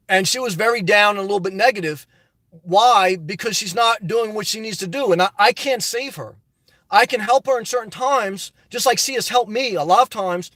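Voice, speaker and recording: Reading viewer comments out loud and replying in casual talk that turns passionate and ranty, this middle-aged livestream host has a voice that sits high and sounds a bit bright. The audio is dry.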